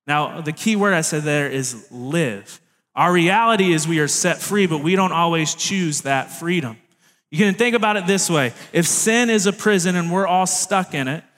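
A man's voice: sits high, fairly bright tone. A young man preaching a sermon in a casual, conversational way, with jokey asides to the congregation. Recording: long hall reverb.

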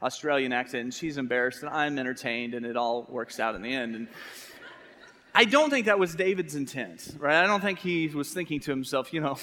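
Joking American pastor in a reverberant hall. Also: male voice, medium pitch, expressive, a little fast, sharp tone. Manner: humorous, conversational, engages congregation with questions. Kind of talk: sermon.

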